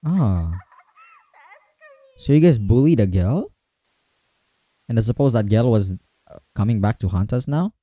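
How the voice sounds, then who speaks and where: A man's voice: fairly low pitch, animated, measured pace, long pauses, warm tone, no echo. A man giving let's play commentary on a horror game, talking to himself and repeating phrases when he gets nervous. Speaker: gamer playing a horror game.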